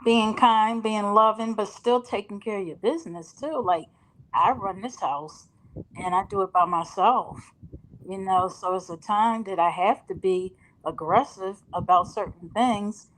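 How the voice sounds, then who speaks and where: A woman's voice: medium pitch, unhurried, a little hiss or hum, low-quality recording. A middle-aged woman, a caller on a live chat, talking things through in a polite, chatty way. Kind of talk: casual chat.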